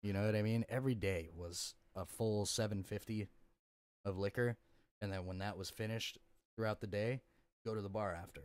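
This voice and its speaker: A man's voice: lowish voice, fairly even intonation, moderate pace, a little mellow, smooth, dry recording. A young man in casual podcast conversation, telling his story bluntly with lots of profanity and fillers. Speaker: podcast guest.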